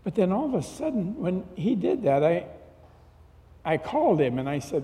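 A middle-aged man gives sermon testimony in a fairly high voice, telling a personal story in an easy, conversational way. He acts out the back-and-forth dialogue as he goes. The sound rings with a long reverb, as if recorded in a church hall. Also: big pitch swings, moderate pace, warm tone. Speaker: pastor.

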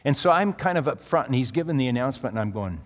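A man's voice: mid-range voice, expressive, fast. Middle-aged male pastor, mid-range voice, conversational sermon with a long hall reverb. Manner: conversational, restarts and asides. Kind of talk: sermon with personal anecdote.

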